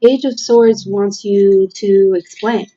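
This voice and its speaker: A woman giving a tarot reading from a room at home, talking in a slow, halting, reflective way with many fillers. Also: medium pitch, fairly even intonation, warm tone, highs cut off. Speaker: tarot reader.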